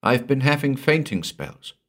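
A man's voice: mid-range voice, animated, measured pace, voice pushed up. A man voicing a frightened young wife. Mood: anxious. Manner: strained, anxious pleading. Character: young frightened married woman.

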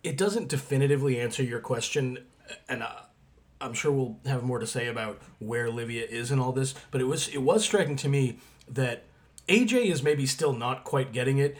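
A man co-hosting a podcast, talking through a TV episode in a measured, reflective way. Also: mid-range voice. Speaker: podcast co-host. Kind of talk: analytical casual discussion.

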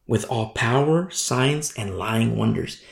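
In an emphatic sermon, a pastor keeps repeating key words and checking in with "you see?" His medium-pitched voice is expressive with vocal fry, he takes his time, and the room echoes around him.

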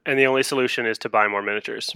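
A man's voice: medium pitch, fairly even intonation, rapid-fire, sharp tone, clear, resonant tone, no room sound, clean studio sound. A man co-hosting a casual podcast chat, cutting in with wry, sarcastic asides. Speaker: podcast co-host.

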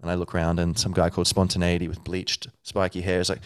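A man's voice: sits low, monotone, fast talker, no room sound, clean studio sound. A man hosting a podcast, thinking aloud in a rambling, playful way with many fillers. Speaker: podcast host. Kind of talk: casual solo talk.

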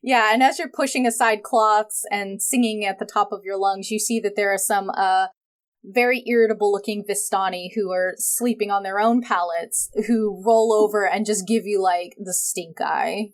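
A woman narrating a tabletop role-playing game as game master, describing scenes in a relaxed way with some fillers. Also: mid-range voice, moderate pace.

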